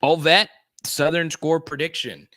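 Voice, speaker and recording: A man hosting a casual livestream, chatting with viewers and greeting them by name with bursts of excitement. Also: on the high side, a little slow, dry recording, studio quality. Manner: excitable, greets chatters loudly, many restarts. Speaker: host.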